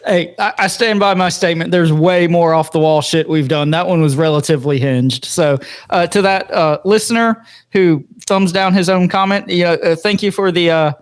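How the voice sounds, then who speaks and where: Wry high-voiced podcast co-host. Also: male voice, moderate pace, hardly any pauses, clear, resonant tone. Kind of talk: casual podcast chat.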